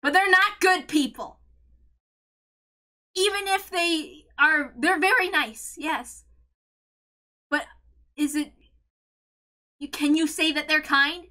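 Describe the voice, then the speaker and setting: A woman's voice: sits high, slow pace, pauses often. A woman hosting a read-along, giving emotional reaction commentary in an impassioned rant, stammering and close to tears. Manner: impassioned ranting, shouts and stammers. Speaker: host of a visual novel read-along.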